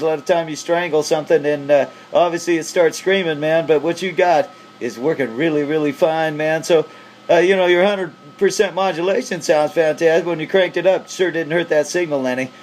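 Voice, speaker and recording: A man from the Pacific Northwest chats casually on CB radio, upbeat and hyping up the other station. His voice sits on the high side with a darkish tone, fairly even intonation and a slightly quick pace, over slight background noise.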